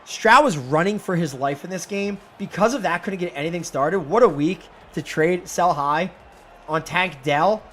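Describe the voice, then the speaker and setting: Young man, stream host, casual commentary, excitable, high voice. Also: moderate pace, a little hiss or hum. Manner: excitable, animated, bursts into shouts. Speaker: fantasy football show host.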